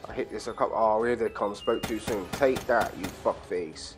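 A man giving crude, profane commentary while playing a game, full of excitable banter and sudden shouts. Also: on the low side, normal speed, soft background music. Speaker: gaming channel host. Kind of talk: profane casual gameplay commentary.

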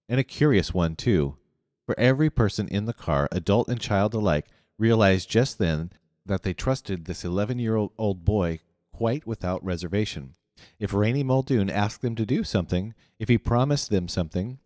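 A man narrating an audiobook in an expressive reading. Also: fairly low pitch, dry recording, studio quality, long reverb tail. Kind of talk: scripted narration.

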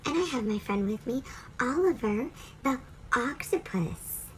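A woman teaching a children's phonics lesson, cheerful, drawing out each letter sound slowly for young learners. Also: fairly high pitch, expressive, background noise. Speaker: reading teacher.

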